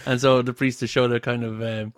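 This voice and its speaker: A man's voice: mid-range voice, flat delivery, fairly quick. A man in casual chat, laughing often and acting out quoted lines.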